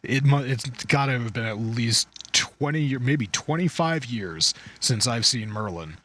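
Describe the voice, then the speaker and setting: This podcast co-host has a mid-range, fairly bright voice with lively intonation and speaks a little slowly. He chats casually about movies and shows, rambling, cursing and drifting off his point.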